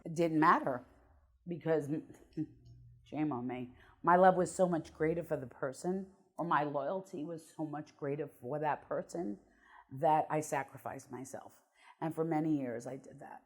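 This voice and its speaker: A woman's voice: low-pitched, unhurried. A middle-aged woman, a guest on an interview show, telling her life story bluntly and emotionally, with some swearing.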